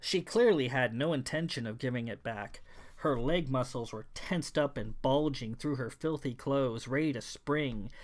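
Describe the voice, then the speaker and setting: A man narrating his own science fiction novel in a measured, even storytelling read. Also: medium pitch. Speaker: author and narrator. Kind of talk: audiobook narration.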